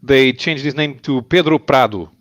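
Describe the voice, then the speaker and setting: A man's voice: medium pitch, moderate pace, a bit bright, no room sound. A man from Portugal speaking in a casual group video chat, thoughtful and hesitant, often restarting his sentences. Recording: dull lo-fi call audio.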